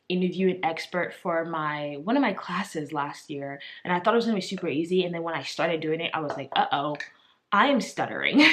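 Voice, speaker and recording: A woman's voice: on the low side, fairly bright tone. A woman in her twenties, a law student, talking casually to her vlog viewers in a chatty way, with frequent fillers and little laughs. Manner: chatty, lots of "like" and "um", laughs often.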